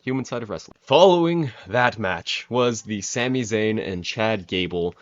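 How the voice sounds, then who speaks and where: A man's voice: fairly low pitch, lively intonation, normal speed, muffled recording. A young man giving a casual spoken review, rambling with many fillers and restarts. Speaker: wrestling reviewer.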